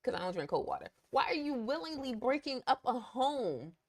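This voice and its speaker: A woman co-hosts a relationship talk show. Her voice sits a little high, and she talks in a heated, emphatic way that climbs when she is indignant. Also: sing-song, moderate pace. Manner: emphatic, indignant, rising pitch when outraged. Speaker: podcast co-host. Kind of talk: casual opinion chat.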